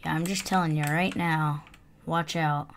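Excitable woman gaming commentator. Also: deep voice, measured pace, slight background noise. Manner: excitable, swings from muttering to yelling. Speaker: gaming video creator. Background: faint keyboard typing and clicks.

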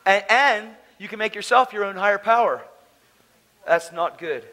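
A man preaches with fervent passion, his voice pitched high and bright with a sharp edge. He swings from loud declarations down to hushed, tender lines. He talks from a stage microphone to a conference crowd. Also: expressive, normal speed, rough recording. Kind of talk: conference sermon. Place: conference hall.

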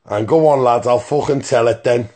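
A man's voice: medium pitch, normal speed, darkish tone. A man telling a rambling, profane story in a phone voice message, stopping often to ask "right?". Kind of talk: casual voice-note anecdote.

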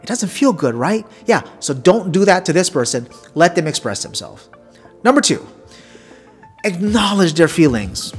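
A man's voice: high-pitched, big pitch swings, normal speed, slightly rough. Male podcast host, casual explainer, wry and emphatic, faint music behind. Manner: conversational, wry, emphatic asides. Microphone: desk condenser mic.

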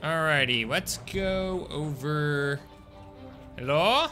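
Young male streamer, loose and jokey, chatting with viewers over gameplay, higher-pitched voice. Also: expressive, moderate pace, sharp tone, faint music behind. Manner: chatty, jokey, talks to chat. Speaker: game streamer. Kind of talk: casual gameplay commentary.

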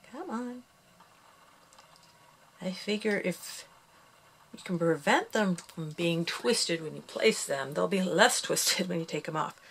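Slow-talking woman teaching a craft. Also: on the low side, vocal fry, a bit bright, slightly rough. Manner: counting steps aloud, chatty asides. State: out of breath. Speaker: craft tutorial host. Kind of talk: casual loom bracelet tutorial.

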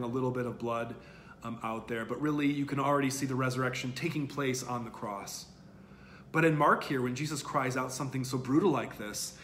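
A man's voice: mid-range voice, a bit bright, a little hiss or hum. A male college lecturer giving an online lecture in a conversational way, thinking aloud with fillers and restarts.

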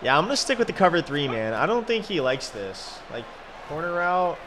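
A young man commenting on his own video game, frustrated and swearing, muttering low then suddenly yelling. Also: very animated, a little fast, noisy background. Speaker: gaming streamer.

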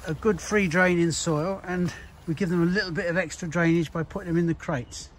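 Brief: nursery owner, male, a little high-pitched, blunt and sweary, recorded outdoors with noise behind him. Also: steady tone, fairly quick. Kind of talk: casual chat.

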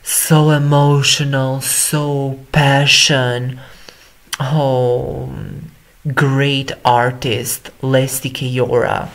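A man's voice: mid-range voice, level tone, extremely slow, fairly bright tone. A man reacting to a music video, gushing with repeated exclamations of praise. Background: song playing clearly.

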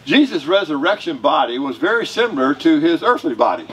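A man's voice: a little high, sing-song, brisk, a bit bright, husky. A male pastor with a Southern US accent preaching a sermon in a conversational, joking way to his congregation. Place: church sanctuary. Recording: distant mic with faint room noise.

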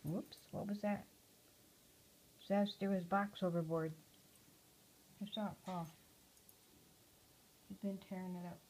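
A woman at home talking to her pet parrot in a casual home video, cooing softly and often dropping to a hush. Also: mid-range voice, fairly even intonation, a little slow, pauses often, a little hiss or hum, poor audio. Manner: soft, cooing talk to a pet, often hushed.

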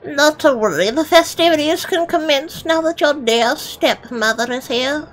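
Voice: high voice, moderate pace, a bit bright, soft background music, voice pushed up. A man with a cold voicing a haughty, scheming older countess stepmother in a mock-gracious, sneering tone. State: hoarse with a cold.

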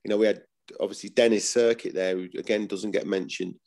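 A man's voice: fairly low pitch, fairly even intonation, quick pace, gravelly, darkish tone. A man, talking bluntly as an interview guest, swearing and repeating himself. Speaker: former footballer, guest. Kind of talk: casual interview.

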